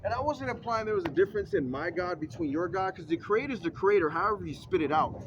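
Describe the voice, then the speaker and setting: A man's voice: high-pitched, animated, fast talker, highs cut off, noisy background. A man ranting argumentatively in a casual vlog, recorded in a vehicle.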